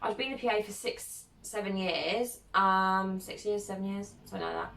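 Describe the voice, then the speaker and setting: A young woman, a content creator, chatting casually as she reads viewer questions aloud and answers them, giggling often and filling pauses with lots of ums. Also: medium pitch, creaky, fairly bright tone. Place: at home, sitting alone. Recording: roomy sound from a distant mic.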